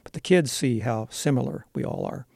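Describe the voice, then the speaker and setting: A man's voice: mid-range voice, brisk, gravelly, a little mellow, no echo, studio quality. A man who teaches school, answering interview questions in an earnest, explanatory way with frequent fillers.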